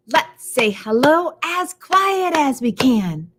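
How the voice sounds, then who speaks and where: A middle-aged woman runs a live storytime for little kids from a library room. Her high voice swoops all over with sing-song energy as she greets each child by name. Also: sing-song, a little slow, few pauses, a bit bright, slightly rough.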